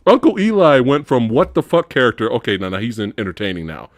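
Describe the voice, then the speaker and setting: Animated laughing man recapping a movie. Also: quick pace, no room sound, clean studio sound. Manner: animated, laughs a lot, acts out characters in high voices. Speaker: host. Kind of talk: casual movie review chat.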